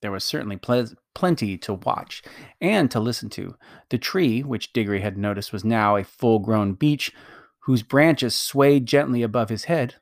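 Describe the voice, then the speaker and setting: Man calmly reading a storybook. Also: mid-range voice, normal speed, vocal fry, no room sound, clean studio sound. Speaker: reader.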